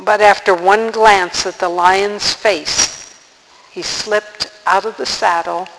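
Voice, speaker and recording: A man narrating a storybook in a high, bright voice with a slow, gentle pace. His reading is steady and unhurried. Long reverb and faint background hiss surround him. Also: creaky.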